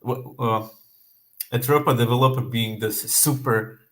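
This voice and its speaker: A man co-hosting a loose crypto talk stream, speaking slowly in a mid-range voice. He is blunt and profane, and he often trips over his words and restarts his sentences. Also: medium pitch, fairly even intonation, fairly bright tone. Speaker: co-host. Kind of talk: casual crypto chat.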